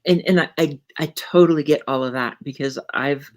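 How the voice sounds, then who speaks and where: A woman's voice: low voice, brisk. A woman guest in casual chat, earnest and repeating words as she thinks. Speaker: co-author guest.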